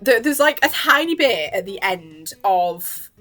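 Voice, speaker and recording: A young woman vlogger chatting excitedly in a gushing, giggly way and acting out quotes. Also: on the high side, a little slow, soft background music. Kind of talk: excited reaction chat.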